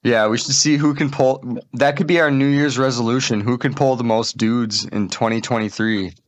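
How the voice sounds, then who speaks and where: A man's voice: mid-range voice, steady tone, normal speed, dry recording. Male comedy podcast host, crude and rambling, dry close-mic sound. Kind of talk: casual comedic banter.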